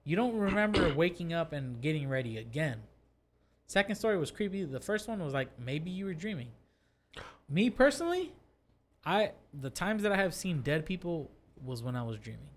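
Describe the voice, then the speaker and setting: A man's voice: fairly high pitch, moderate pace, a little hiss or hum. A man hosting a casual podcast at his house, telling ghost stories and swearing freely. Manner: swears freely, animated storytelling. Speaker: podcast host. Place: his own two-story house.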